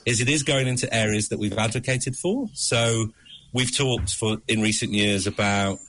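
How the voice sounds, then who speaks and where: A man, a regular radio guest who runs a mental health organisation, talking in an animated, upbeat way with frequent restarts. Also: lowish voice, moderate pace, slight background noise. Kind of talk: radio interview.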